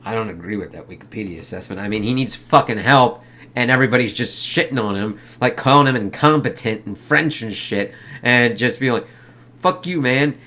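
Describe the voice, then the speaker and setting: A man's voice: lowish voice, brisk, pushed and bright. A man talks through a film review in a loose, meandering way, swearing freely. He keeps slipping into brief, exaggerated voices for the characters and fills his talk with "like" and "kind of.". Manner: profane, rambling, acts out quotes in exaggerated voices. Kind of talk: casual spoken movie review.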